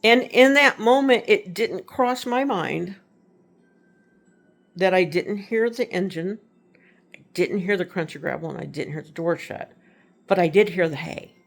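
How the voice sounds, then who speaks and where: Middle-aged woman from Texas, casual spooky storyteller, a touch of fry, keeps circling back and correcting herself. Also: on the low side, expressive, unhurried, long pauses. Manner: rambling, self-correcting, conversational.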